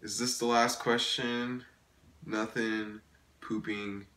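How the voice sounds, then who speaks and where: A man's voice: fairly low pitch, level tone, slow, sharp tone, reverberant. A man giving casual gameplay commentary, exasperated, swearing often and laughing at himself. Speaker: gaming YouTuber.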